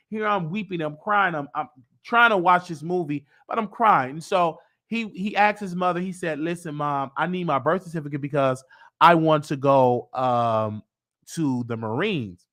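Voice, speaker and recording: A man with a high, pushed, bright voice hosts his show, telling a long story in a loose, casual way. He rambles, repeats himself, restarts often, and shifts his voice when quoting people in this relaxed monologue.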